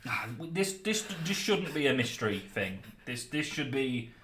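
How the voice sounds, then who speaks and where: A man's voice: medium pitch, sing-song, normal speed, a bit bright, slight background noise. A man from the UK co-hosting a casual podcast chat, joking and tripping over his words. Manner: jokey, stumbling over words. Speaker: podcast co-host.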